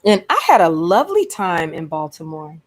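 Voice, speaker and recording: A woman's voice: fairly low pitch, moderate pace. Chatty woman hosting a livestream. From Atlanta, Georgia, USA. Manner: chatty and expressive, calls listeners "honey" and "y'all". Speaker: host. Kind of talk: casual livestream chat.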